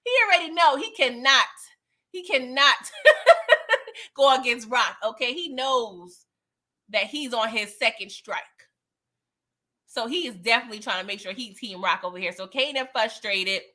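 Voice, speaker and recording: A woman's voice: on the high side, moderate pace, pushed and bright. A woman hosting a live recap of a TV episode, chatting in a slangy, emphatic way, tagging her points with "okay?" and laughing often. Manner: chatty, keeps asking "okay?". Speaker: TV recap host. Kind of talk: live show recap chat.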